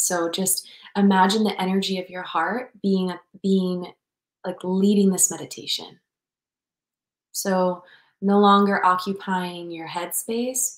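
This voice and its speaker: A woman leading a guided meditation in a soft, slow, soothing voice over a video call. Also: lowish voice, echoey room, poor audio. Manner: soft, slow and soothing, speaks softer as it goes.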